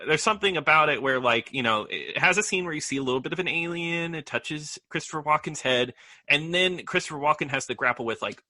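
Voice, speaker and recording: A man's voice: fairly high pitch, brisk, pushed and bright, no room sound. A man co-hosting a movie podcast, chatting loosely with frequent laughs and lots of filler words. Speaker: podcast co-host. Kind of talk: casual movie review chat.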